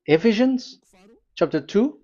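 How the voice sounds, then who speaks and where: A man preaching a sermon in a fairly high voice, reading verses and pausing over his words with many restarts. The sound is dull and lo-fi. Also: animated, warm tone. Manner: halting, with frequent restarts and fillers; talks to the technician between readings.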